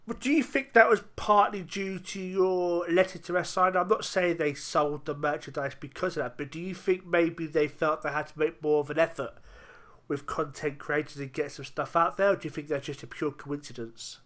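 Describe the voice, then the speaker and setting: A podcast host with a bright, slightly high voice leads relaxed banter. He laughs easily and swears casually. He asks his guests long questions. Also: normal speed. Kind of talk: casual chat.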